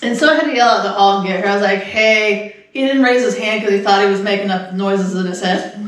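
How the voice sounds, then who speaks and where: A woman's voice: mid-range voice, fairly even intonation, fast talker. A middle-aged woman telling a long story on a podcast, rambling, laughing often and acting out the quotes. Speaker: podcast co-host. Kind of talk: casual chat. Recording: echoey room, far from the mic.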